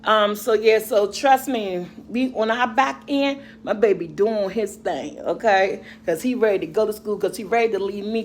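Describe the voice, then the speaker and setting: A woman's voice: mid-range voice, a little slow, hardly any pauses, slight background noise. A middle-aged woman vlogger and mother, chatting casually and rambling to her viewers about their comments, laughing often.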